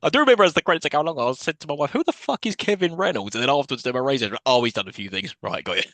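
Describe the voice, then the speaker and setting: Brisk, bright-voiced podcast man. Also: mid-range voice, no room sound. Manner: animated, swearing, incredulous retelling. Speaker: podcast co-host. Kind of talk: casual film review chat.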